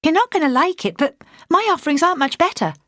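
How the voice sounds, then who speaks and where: A nervous young girl , voiced by a woman reading aloud, who sounds high and timid. The sound is dry and close, with no room echo. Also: big pitch swings, quick pace, a bit bright. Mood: anxious.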